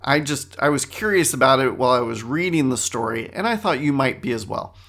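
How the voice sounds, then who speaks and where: A man's voice: medium pitch, expressive, a little fast, fairly bright tone. A middle-aged man hosting a casual, rambling monologue, talking conversationally and often correcting himself. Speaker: host.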